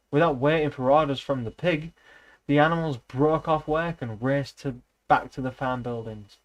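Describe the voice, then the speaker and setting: A man's voice: mid-range voice, moderate pace, rough recording. A man reading a novel aloud in a loose, casual way, with slips and restarts. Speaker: reader, streamer.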